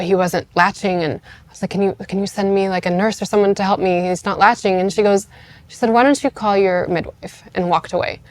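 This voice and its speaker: Fast-talking woman telling a story. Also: on the low side, dry recording. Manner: chatty, many "like" fillers, acts out quoted voices. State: tearful at moments. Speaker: guest. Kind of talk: casual storytelling.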